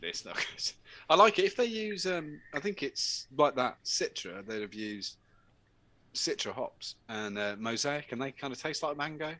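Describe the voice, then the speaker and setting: Laughing man with a lively voice. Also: medium pitch, normal speed. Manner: jokey, laughs often, bursts into loud silly voices. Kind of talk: casual podcast banter.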